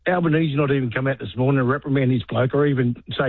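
A man's voice: medium pitch, quick pace, breathy edge, dry recording. An Australian man in his fifties, an army veteran calling a talk radio show, fired up and indignant, swearing mildly. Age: 50s. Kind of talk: talkback phone call. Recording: tinny phone line.

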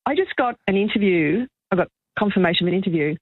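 A woman's voice: mid-range voice, expressive, fast, dry recording. A woman in her sixties with an Australian accent, calling in to a radio show and telling a story in an emotional, effusive way. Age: 60s. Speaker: caller. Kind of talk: casual chat. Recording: tinny phone line.

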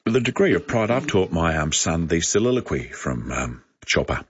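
A man's voice: deep voice, very animated, normal speed, husky, no echo. A male newsreader bantering wryly with the radio host before the bulletin. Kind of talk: studio banter. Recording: dry, dull studio sound.

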